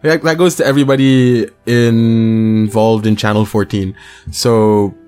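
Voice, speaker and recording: A man's voice: on the low side, steady tone, measured pace, mellow, clean tone, faint music behind. A man co-hosting a casual podcast, chatting loosely and spelling out web and email addresses. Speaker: podcast co-host.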